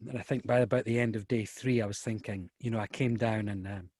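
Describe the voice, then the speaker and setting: A man's voice: fairly low pitch, fairly even intonation, fast, darkish tone, breathy edge, no room sound, clean studio sound. A man who narrates audiobooks, reading a tense scene aloud and then chatting in a rambling, self-deprecating way. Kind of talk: dramatic reading then casual chat.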